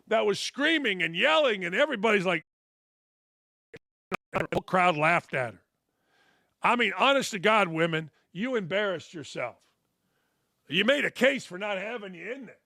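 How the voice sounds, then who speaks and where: He's a sports talk show host whose high-sitting voice carries vocal fry and a sharp tone. Brash and profane, he rants through an opinionated monologue, sprinkling in sarcastic asides and put-on quotes that mock others. Studio-quality audio, no echo.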